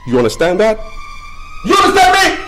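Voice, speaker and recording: An actor playing a possessive, volatile husband who swings between pleading and shouting. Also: male voice, fairly high pitch, huge pitch swings, a little slow. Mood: raging. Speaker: film actor. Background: music.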